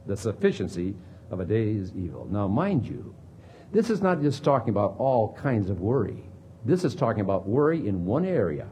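Animated man preaching a sermon. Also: on the low side, moderate pace, a little hiss or hum. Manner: animated preaching, dramatic swings between emphatic and hushed. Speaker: pastor.

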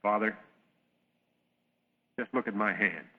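A man's voice: fairly low pitch, slightly rough. A man preacher voicing a churlish young son in a parable, complaining and balky, on a tinny old radio broadcast with long reverb. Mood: remorseful. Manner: defiant then remorseful, drawn-out complaining.

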